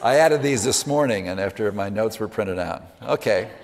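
A man teaching a workshop on listening in a gentle, measured way, often letting his voice fall quietly at the ends of phrases. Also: fairly low pitch, expressive, a faint crowd. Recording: reverberant hall.

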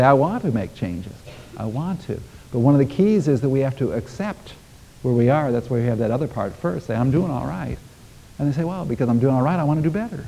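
A man's voice: medium pitch, dark tone, slightly rough, big-room sound, rough recording. A male minister giving a conversational sermon, talking casually and chuckling through folksy asides to his congregation. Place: church sanctuary.

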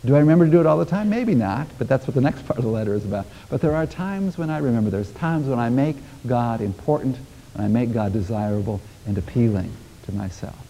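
A man's voice: mid-range voice, expressive, quick pace, gravelly, dark tone, big-room sound, rough recording. A male minister giving a conversational sermon, talking casually and chuckling through folksy asides to his congregation. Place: church sanctuary.

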